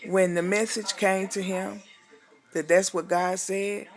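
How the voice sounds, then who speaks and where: Speaking unhurriedly in a mid-range voice with fairly even intonation, a woman minister gives an emotional testimony. She is fervent and preachy, calls the listener "honey," exclaims hallelujah, and holds back tears.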